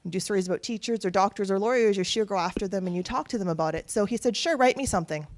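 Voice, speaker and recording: A woman's voice: mid-range voice, rapid-fire. A woman, giving an earnest speech built on personal stories. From Canada. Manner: earnest, animated storytelling with quoted voices. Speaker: keynote speaker.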